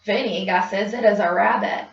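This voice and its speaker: A woman clinician speaking slowly and distinctly, giving prompts for a child to repeat and then narrating. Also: medium pitch, steady tone, gravelly, a little hiss or hum. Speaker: speech clinician giving a test. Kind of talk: slow, clear test prompts and narration. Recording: muffled, distant lo-fi recording.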